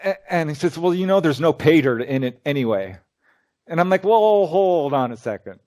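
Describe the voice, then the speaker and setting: A slightly high-pitched man speaks at a moderate pace as a guest on an interview, where he's a UFO researcher and lecturer. He tells stories casually and with animation, acting out the quoted dialogue.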